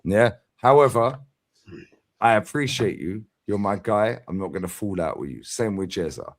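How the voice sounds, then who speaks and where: A man's voice: on the low side, animated, moderate pace. A middle-aged man, arguing hard on a fan livestream and pushing each point with a challenging "yeah?". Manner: combative, emphatic, constant "yeah?" tags. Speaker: fan channel streamer. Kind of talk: heated livestream debate.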